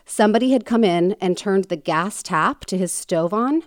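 A woman's voice: medium pitch, moderate pace, no echo, studio quality. A woman hosting a podcast, casually retelling a true crime story with lots of fillers and joking asides. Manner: chatty, many fillers like "um" and "like", jokey asides.

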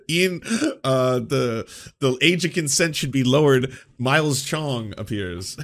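A man's voice: mid-range voice, expressive, moderate pace, fairly bright tone. A man hosting a political commentary show, talking in a sarcastic, mocking way and swearing freely.

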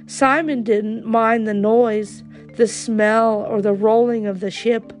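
A woman reading a children's storybook aloud in a slow, expressive way. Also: on the high side, faint music behind.

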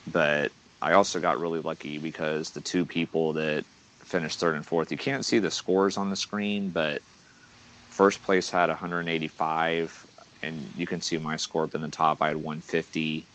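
A man recapping his fantasy picks in relaxed podcast chat. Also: rumbling low, normal speed, slight background noise. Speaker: podcast co-host. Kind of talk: casual sports podcast chat.

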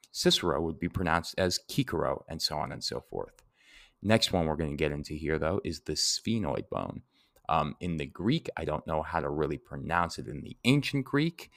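Male podcast lecturer, very low voice, chatty and meandering, dry close mic. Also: creaky, fairly bright tone, no room sound. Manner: conversational, rambling with fillers and self-corrections. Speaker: anatomy and etymology instructor.

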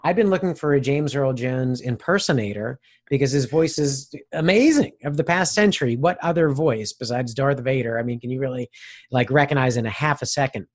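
A man speaks as a guest on a podcast, explaining his work in easy casual chat. He laughs often and leans on fillers. His voice has a middle pitch. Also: fairly quick. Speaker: guest, video producer.

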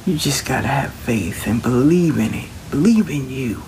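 A man's voice: mid-range voice, animated, a little slow, few pauses, a little mellow, a little hiss or hum. A man talking casually and reassuringly, giving folksy spiritual advice, sometimes dropping to a whisper. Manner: Southern Black vernacular, folksy, reassuring, drops into whispers. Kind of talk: casual inspirational talk.

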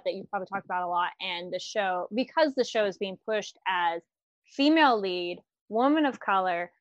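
A woman co-hosting a podcast, recapping an episode with animated, exclamatory reactions. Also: mid-range voice, no echo. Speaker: podcast co-host. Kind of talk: casual recap chat. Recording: dull, dry lo-fi mic.

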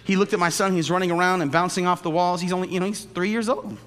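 A male pastor preaching a sermon. He swings from loud, high outbursts to hushed, low storytelling. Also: steady tone, fast. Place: church sanctuary. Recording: long church-hall reverb.

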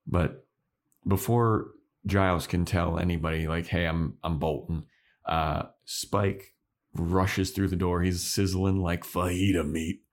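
A man's voice: low-pitched, fairly even intonation, slow. A man co-hosting a podcast, casually recapping an episode scene by scene with loose asides. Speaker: podcast co-host. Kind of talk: casual chat.

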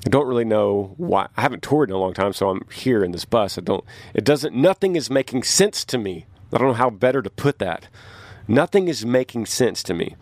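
A man who tours as a musician, telling a story in a casual podcast from his tour bus, getting animated as he recounts his confusion. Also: brisk, no echo. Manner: animated, rises in pitch when recounting confusion. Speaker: touring musician. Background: train passing.

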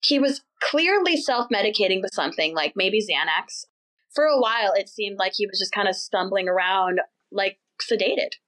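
A young woman hosting a podcast, telling a story in an animated, chatty way and laughing as she goes. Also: mid-range voice, rough recording. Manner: chatty, animated, laughs while telling, does quick mocking voices for people in the story. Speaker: podcast host. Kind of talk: casual storytelling chat.

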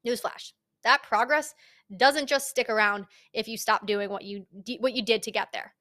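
A young woman with a voice a touch higher than most talks straight to her listeners in a casual fitness podcast. She is emphatic and blunt and swears freely as she pushes them to own their goals. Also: normal speed, pushed and bright. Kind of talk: casual motivational podcast monologue.

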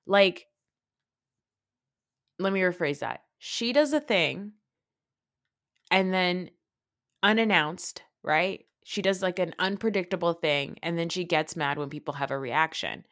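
A woman hosting a podcast, giving a casual, opinionated reality TV recap, swearing freely and mocking people with quick impressions. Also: on the low side, fairly bright tone, no echo, clean studio sound. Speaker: podcast host.

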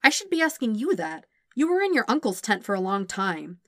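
A woman's voice: on the high side, very animated, a little fast, fairly bright tone, no room sound, clean studio sound, pitched above the performer's own voice. A woman voicing a sarcastic, protective teenage boy warrior who sounds emotional and sometimes grumbling. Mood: worried.

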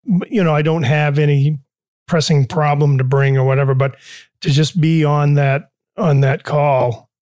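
An older man, a business owner guest in a casual interview, speaks haltingly with dry self-deprecating humor. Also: fairly high pitch, fairly even intonation, darkish tone, no room sound.

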